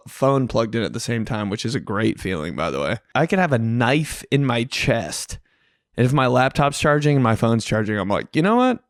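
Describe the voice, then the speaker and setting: Young male storyteller, casual and animated, slangy, mid-pitched, dry close mic. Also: no room sound. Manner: animated, slangy, acts out quotes in a higher voice. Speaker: podcast host telling a story.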